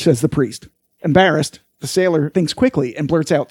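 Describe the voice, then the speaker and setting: Man, high voice, husky, lively delivery, casual joke-telling, dry close sound. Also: normal speed, dry recording. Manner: animated, laughs through his punchlines. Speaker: host telling jokes.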